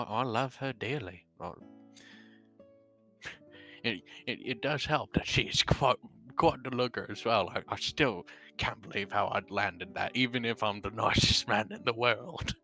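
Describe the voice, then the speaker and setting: A man's voice: lowish voice, bright, forceful tone. A man chatting in character during a tabletop role-play, stammering now and then and calling others "mate".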